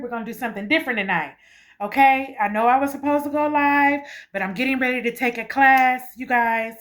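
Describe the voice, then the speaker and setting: With a mid-range, somewhat bright voice, a spiritual channel host talks emotionally on her vlog. She repeats "okay" constantly, laughs often, and pours out gratitude.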